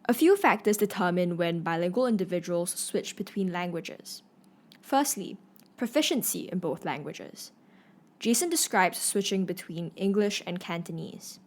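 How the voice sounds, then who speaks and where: A woman narrating a podcast segment from a script, brisk and informative. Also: fairly low pitch, lively intonation.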